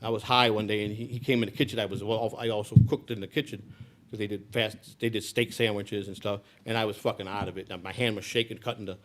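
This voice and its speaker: A middle-aged man from the United States telling his life story bluntly and profanely, dropping to low mutters and then rising to loud outbursts. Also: fairly even intonation, quick pace. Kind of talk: raw personal storytelling.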